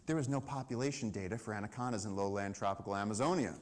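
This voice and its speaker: Lively man telling a story on stage. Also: on the low side, fast talker. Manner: lively storyteller, acts out dialogue and shouts. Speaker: conservation speaker. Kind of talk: animated storytelling talk. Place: live event stage.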